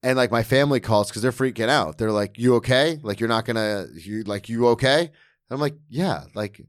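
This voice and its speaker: A man's voice: medium pitch, fairly quick, no echo, studio quality. A man hosting a casual podcast, blunt and sarcastic, swearing often. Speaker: podcast host.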